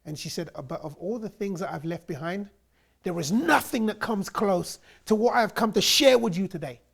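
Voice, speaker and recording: This English man's high voice is creaky with a breathy edge, and he talks at normal speed. He animatedly relates his own faith journey, voicing the words of others as he quotes them.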